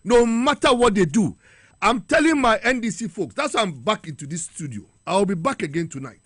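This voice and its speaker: A man rallying party supporters on air, fiery and repetitive, shouting his calls and running out of breath. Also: high-pitched, big pitch swings, brisk, husky. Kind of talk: impassioned election-day call to supporters.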